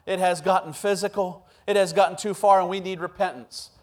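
A woman's voice: on the low side, fairly even intonation, a little fast, natural voice. A man preacher acting out a weeping woman confessing an affair before her church, in his own voice. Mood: tearful confession. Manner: tearful, earnest confession.

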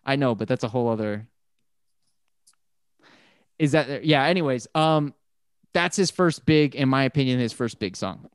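A man rambles through casual talk about a favorite band, swearing freely and speeding up when he gets worked up. His voice is smooth and resonant. It sits close and dry, with no room sound. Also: medium pitch, moderate pace, long pauses, no echo. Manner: rambling, profane, animated when excited. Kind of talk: casual music chat.

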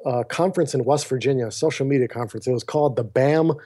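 Man telling his story, mellow voice. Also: mid-range voice, quick pace, breathy edge. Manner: animated storyteller who acts out quoted dialogue; often addresses the host by name mid-sentence. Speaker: podcast guest. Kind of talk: personal storytelling in conversation. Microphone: remote call.

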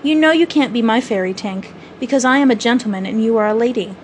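A woman's voice: a little high, quick pace, a little hiss or hum, lightly acted. A woman reading aloud as a passionate, boastful boy who never wants to grow up. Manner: passionate, cocky, boyish.

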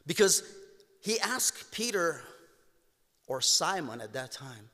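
A man with a Romanian accent preaching a sermon to his congregation, impassioned, calling them "my beloved" and swinging between hushed tones and raised exclamations. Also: a little high, sing-song, takes it slowly. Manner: impassioned, addresses listeners as "my beloved". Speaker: pastor. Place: church sanctuary. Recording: long church hall reverb.

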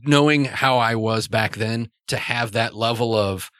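A man in casual podcast chat, reminiscing in a relaxed way about his youth. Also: medium pitch, measured pace, no echo, studio quality.

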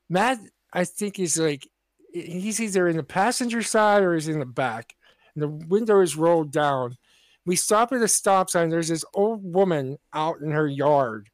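A man's voice: sits high, no echo. A man co-hosting a podcast, telling rambling anecdotes in casual chat. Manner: rambling anecdotes with many restarts. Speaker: podcast co-host.

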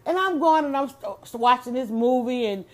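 A woman chatting casually on her own, animated and exclamatory, often restarting her sentences. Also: sits high, brisk. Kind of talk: casual solo chat.

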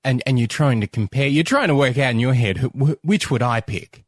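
Brief: Australian man, mid pitch, halting, repeats himself, dry close sound. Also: no echo. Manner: hesitant, repeats words when starting. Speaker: podcast co-host. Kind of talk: casual film discussion.

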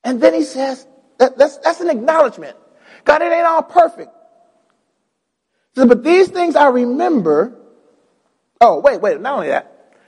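A male pastor preaching a sermon, calling on the congregation, repeating words and rising into shouts. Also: very high-pitched, big pitch swings, moderate pace, pauses often, long reverb tail.

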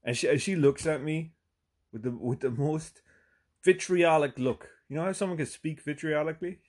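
A man from Ireland with a slightly high, somewhat mellow voice hosts a podcast at a moderate pace, telling a profane comic story. His Irish-accented, chatty delivery is full of "right?" asides and sudden emphatic bursts.

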